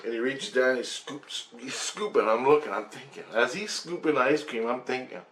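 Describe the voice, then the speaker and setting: In a relaxed, chatty first-person telling, a man from Canada describes an odd night at a moderate pace and middling pitch. Lively throughout, he acts out voices and imitates rotors, laughing and cursing casually between lines.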